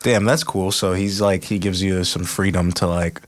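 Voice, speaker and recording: A man hosting a podcast, answering with short casual replies and quick questions. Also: low-pitched, fairly even intonation. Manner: short backchannels and quick questions, laughs easily. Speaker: podcast host. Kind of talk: casual interview.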